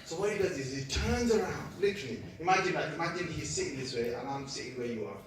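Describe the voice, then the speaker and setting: A man giving an animated storytelling lecture, acting out voices and laughing at his own jokes. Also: fairly high pitch, quick pace. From Britain. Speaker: Islamic lecturer. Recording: echoey hall, speaker far from the mic.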